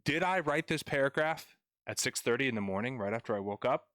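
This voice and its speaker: A young man runs a grammar lesson on a live stream, talking playfully with his audience and addressing chat directly as he reviews a paragraph. He speaks a little fast at medium pitch, with an expressive, somewhat bright voice, captured dry in studio quality.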